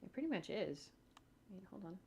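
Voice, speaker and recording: A woman's voice: mid-range voice, big pitch swings, moderate pace, gravelly, warm tone, dull audio, slight background noise. A woman animator talking casually to her livestream viewers at home as she works, thinking aloud in a chatty, rambling way. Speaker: animator streaming her work. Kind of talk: casual livestream talk while working.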